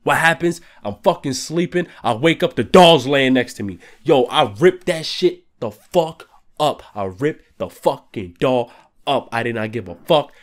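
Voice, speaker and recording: A young man hosting his channel, telling a story in a casual, animated way full of swearing. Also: mid-range voice, unhurried. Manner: profane, animated, heavy swearing. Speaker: channel host.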